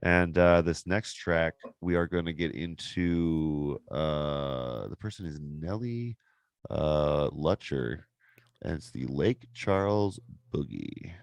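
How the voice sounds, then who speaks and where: A low-voiced man hosting a casual podcast, rambling through his explanations with plenty of ums and uhs. His voice is smooth and clear, recorded dry and close to the mic. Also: takes it slowly, no room sound. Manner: loose, rambling explanations with frequent fillers. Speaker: podcast host.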